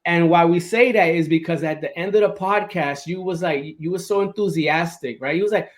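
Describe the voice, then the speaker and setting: A man's voice: fairly high pitch, fairly quick, few pauses. A man hosting a podcast interview in a casual, enthusiastic way, often checking in with "right?". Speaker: podcast host.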